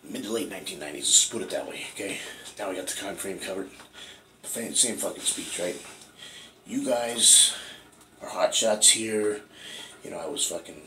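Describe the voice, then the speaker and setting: A deep-voiced man in his forties from Washington State, USA, tells the story of his acting career quickly, in a bright, forceful tone, with a little hiss or hum on the recording. He rambles, swears a lot, and keeps asking "right?"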